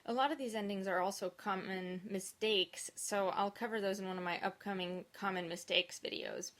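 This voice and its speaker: A woman's voice: medium pitch, fairly even intonation, moderate pace, fairly bright tone. Woman teaching singers' diction, methodical. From English-speaking country. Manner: clear, methodical explaining. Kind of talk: instructional video lesson.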